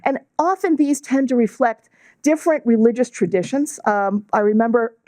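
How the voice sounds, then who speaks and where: A middle-aged woman with a New York accent giving a measured, explanatory lecture as a guest speaker, using fillers now and then. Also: a little high, darkish tone, no room sound. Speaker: guest speaker, law and bioethics professor. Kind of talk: lecture to a club audience.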